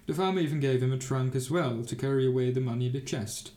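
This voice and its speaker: A man's voice: medium pitch, quick pace, mellow. Man reading a fairy tale in an echoey room. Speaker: narrator. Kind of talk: storybook reading.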